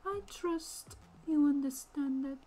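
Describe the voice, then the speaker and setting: A woman's voice: high voice, voice pushed up. A woman voicing a menacing female caller in a Russian accent, in whispered role-play. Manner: hushed, slow, threatening.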